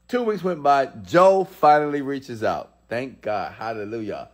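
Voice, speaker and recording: A man in his thirties, a motivational speaker, telling a personal story in an animated way, with sudden excited shouts. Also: medium pitch, unhurried, few pauses.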